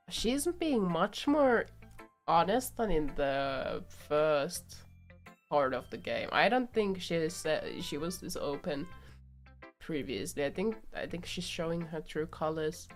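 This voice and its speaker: A woman's voice: sits low, expressive, slow pace, soft background music. A woman streaming a game with casual commentary, giggling often and swearing in her reactions.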